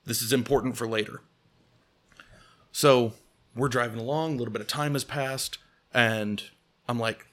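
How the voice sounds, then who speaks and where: A man's voice: mid-range voice, steady tone, moderate pace, pauses often, a bit bright. A man telling a comic personal story as podcast host, acting out quotes, swearing and laughing often.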